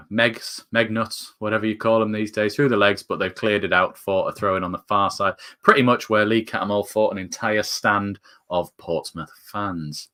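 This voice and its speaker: A man's voice: fairly low pitch, normal speed, bright, forceful tone. A man with a northern English accent giving jokey live fan commentary on a football match, his voice climbing with the action. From northern England. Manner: chatty, jokey, rises sharply with the play.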